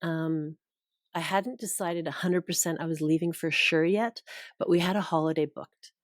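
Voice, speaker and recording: Low-voiced woman telling an earnest story. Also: steady tone, moderate pace, dry recording, clean studio sound. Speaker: guest. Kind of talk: storytelling in a podcast interview.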